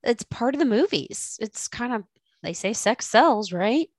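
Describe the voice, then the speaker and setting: A woman co-hosting a casual chat, playful and quick to joke. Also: a little high, animated. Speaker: co-host.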